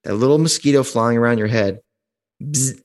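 A man's voice: mid-range voice, lively intonation, brisk. Casual, profane male podcast co-host. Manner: casual, profane, rambling with restarts. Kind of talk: casual chat.

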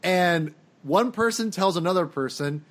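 A man's voice: high voice, unhurried. A man co-hosting a casual film podcast, rambling and opinionated, often restarting his sentences. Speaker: podcast co-host. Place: home, dog heard drinking behind him.

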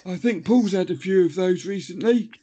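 A man on a comedy podcast throwing in absurd jokes and drawn-out punchlines. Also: sits high, expressive, dark tone. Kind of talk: comic banter. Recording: dull lo-fi sound.

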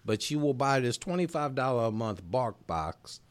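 A man's voice: mid-range voice, sing-song, normal speed. Man with a wildly swooping voice. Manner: rambling, stammering, laughs often. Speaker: podcast co-host. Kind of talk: casual comedic chat.

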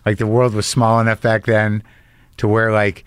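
A man's voice: lowish voice, completely flat delivery, moderate pace, clear, resonant tone, dry recording. A man hosting a casual conversation, teasing and rambling with a wry edge. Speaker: podcast host. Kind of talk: casual chat.

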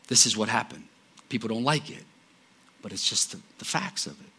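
A man preaching a sermon with passion, swinging from loud cries down to low murmurs. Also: lively intonation, fairly quick, pauses often, husky.

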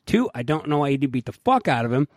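A man's voice: medium pitch, fast talker, dry recording, clean studio sound. A man co-hosting a podcast, telling stories with lots of swearing and acted-out quotes in casual chat. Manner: loud, swearing, animated storytelling with put-on quotes. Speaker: podcast co-host.

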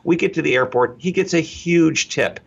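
A middle-aged man, a guest speaker on customer service, telling anecdotes in an energetic interview style and repeating key phrases. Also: fairly high pitch, normal speed, creaky, slightly rough, lo-fi sound. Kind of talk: interview storytelling.

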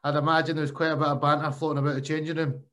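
A man hosting a casual chat, bantering with halting restarts. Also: a little high, little pitch movement, a bit bright. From Scotland. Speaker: podcast host.

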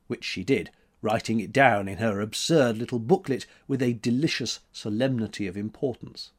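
A man reading a story aloud in measured, expressive narration. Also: medium pitch. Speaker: audiobook narrator. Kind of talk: scripted narration.

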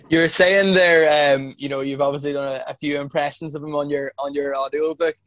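A man's voice: a little high, steady tone, brisk, fairly bright tone, no room sound. A man hosting an interview, asking loose, musing questions with several restarts. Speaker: podcast host.

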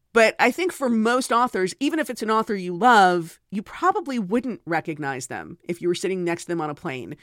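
A woman's voice: lowish voice, a bit bright, dry recording, clean studio sound. A woman hosting her own podcast, telling a story in a chatty, digressive way with self-deprecating asides. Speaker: podcast host and author. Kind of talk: casual storytelling monologue.

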